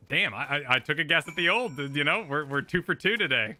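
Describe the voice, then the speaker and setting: Bright-voiced laid-back gaming co-host. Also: male voice, fairly high pitch, animated, fast talker. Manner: laid-back, laughing, goofy banter. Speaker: game streamer co-host. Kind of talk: casual gaming stream chat.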